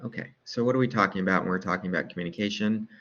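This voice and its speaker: A man's voice: low-pitched, rapid-fire, a bit bright, highs cut off. A man lecturing over slides in a casual way, asking rhetorical questions and often adding "right?" to check in.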